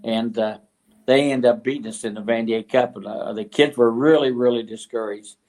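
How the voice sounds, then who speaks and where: An older man from West Virginia, a retired football coach, telling stories as a guest in an interview, halting and full of fillers and restarts. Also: mid-range voice, steady tone, a little mellow. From West Virginia, USA. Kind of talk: storytelling interview.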